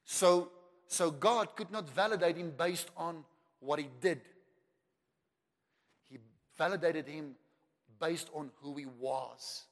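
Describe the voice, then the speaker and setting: A South African man preaching a sermon with emphasis, repeating words for effect and building to loud declarations. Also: fairly high pitch, slow pace, pauses often. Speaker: pastor. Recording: long reverb of a large hall.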